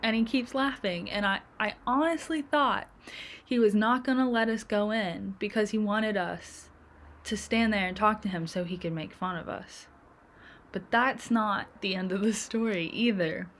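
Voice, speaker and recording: A woman's voice: medium pitch, moderate pace, fairly bright tone, slight background noise. A young American woman telling stories in casual chat as a streamer, chatty and acting out quoted voices. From United States.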